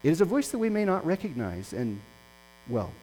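A male pastor preaching a sermon, impassioned and swinging between loud and hushed. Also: a little high, sing-song, fairly quick, poor audio.

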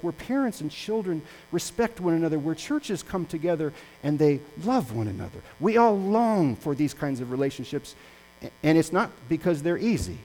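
A man's voice: fairly high pitch, low-quality recording. Impassioned male pastor preaching. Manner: impassioned, swings between loud and hushed. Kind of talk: sermon.

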